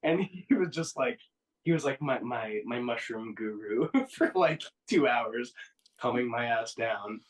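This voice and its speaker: A band member from Oklahoma, a guest on a casual podcast, tells a tour story, laughing and acting out quotes in a raised voice. He has a mid-range voice and a measured pace. The low-quality recording sounds as if it was captured from a distance.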